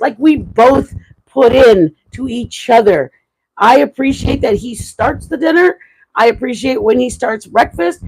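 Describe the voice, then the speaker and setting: A woman's voice: mid-range voice, normal speed, a little mellow, husky, poor audio. A woman hosting a live stream, chatting frankly and animatedly with her viewers. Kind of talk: casual chat to viewers.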